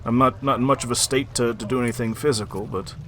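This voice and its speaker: A battered, sleazy innkeeper of a tabletop game , put on by a man, mid-pitched and halting in his speech. He jokes crudely and stumbles over his words, with faint noise in the background. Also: steady tone, fairly bright tone, lightly acted. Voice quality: halting, with many fillers. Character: battered male innkeeper Toblin, sleazy and joking.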